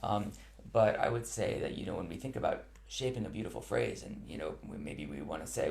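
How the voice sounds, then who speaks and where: A man's voice: very deep voice, animated, a little fast, creaky, a little mellow. A man who teaches cello, answering viewer questions in a live online chat in an earnest, thoughtful way, with many ums and restarts. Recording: roomy echo.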